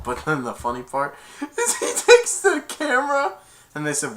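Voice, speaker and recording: A man recapping a movie in a casual, rambling way, excited, restarting sentences and chuckling as he goes. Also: mid-range voice, normal speed, very noisy. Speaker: movie reviewer.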